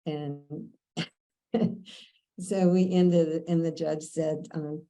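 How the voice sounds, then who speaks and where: A woman's voice: low-pitched, steady tone, extremely slow, mellow, rough recording. An older woman lawyer from Kentucky telling courtroom stories in a chatty way, laughing often and using many fillers. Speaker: veteran lawyer. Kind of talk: storytelling interview.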